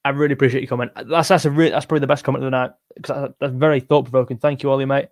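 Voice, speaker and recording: A young man from England hosts a music livestream, chatting casually and reading out viewer comments in a tired voice, rambling and interrupting himself. His pitch is medium with little movement, and he talks at a racing speed.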